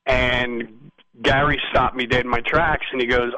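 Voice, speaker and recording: A man guesting on an interview and spinning long, lively stories with a bright, forceful edge to his voice. He rambles through the tale and keeps checking in with "you know what I mean?" The sound is close and dry, with no room around him. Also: medium pitch, a little slow, no echo, muffled recording. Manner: rambling, animated storytelling. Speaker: musician guest. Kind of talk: casual storytelling interview.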